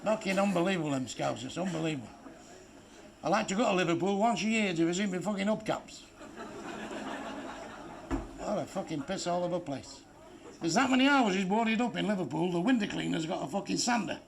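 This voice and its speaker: A man's voice: high voice, lively intonation, brisk, vocal fry, pauses often. A man telling crude, profane jokes in a stand-up comedy routine, delivering blunt punchlines on a club stage. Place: club stage before a laughing audience. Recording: noisy live show recording.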